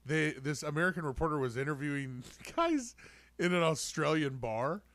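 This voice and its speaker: Excitable podcast guy, bright gravelly voice, bounces around in pitch. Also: moderate pace, dry recording. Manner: excitable, swears, laughs a lot. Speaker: podcast co-host. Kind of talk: casual chat.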